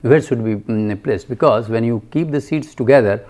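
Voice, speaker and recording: A man giving a recorded lecture, halting with many fillers and asking and answering his own questions. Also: medium pitch, warm tone.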